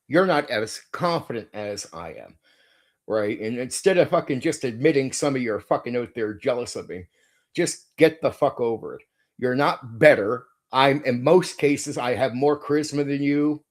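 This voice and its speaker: A man hosting his own stream, ranting in a defensive, indignant way, swearing constantly and stumbling over restarts. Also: medium pitch. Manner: profane, repetitive, frequent stammered restarts. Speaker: channel host. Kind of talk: heated livestream rant.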